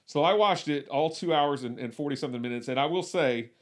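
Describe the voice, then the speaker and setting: A man's voice: on the high side, fast talker. A man co-hosting a podcast, chatting casually about movies, restarting sentences and repeating words as he goes. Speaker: podcast co-host.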